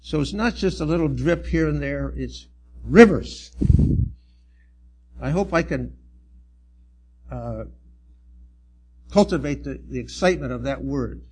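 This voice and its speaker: A middle-aged man preaching a sermon as a church elder, earnest and halting, circling back over his words before pushing them out with emphasis. His voice is gravelly and somewhat husky, sitting a little high for a man. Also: a little mellow.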